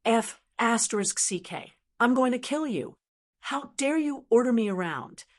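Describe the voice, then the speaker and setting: A woman's voice: a little high, animated, measured pace. A scheming, ruthless young male cultivator , read by a woman, asks questions with put-on concern. The voice stays close to her everyday reading tone, slightly raised. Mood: feigned concern. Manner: feigned concern, then cursing.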